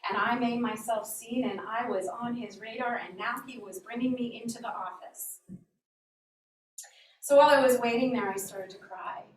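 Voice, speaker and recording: A woman giving an earnest, animated inspirational talk as a guest speaker in a church hall. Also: fairly high pitch, moderate pace. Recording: roomy echo from a distant mic, faint hum.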